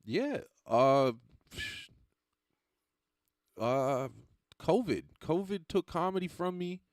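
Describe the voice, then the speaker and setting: A man's voice: on the high side, expressive, slow, dry recording, clean studio sound. A man who does stand-up comedy, chatting casually with viewers on a livestream in a loose, rambling, profane way and often laughing at his own lines.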